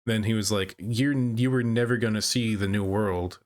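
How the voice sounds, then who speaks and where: A man co-hosting a podcast, casually retelling movie scenes with relaxed halting restarts. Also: on the low side. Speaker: podcast co-host. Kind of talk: casual movie recap chat.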